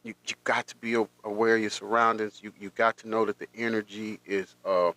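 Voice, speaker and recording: Halting man telling a personal story. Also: lowish voice, level tone, fairly bright tone, no room sound. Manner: halting, many restarts, emotional. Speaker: podcast host.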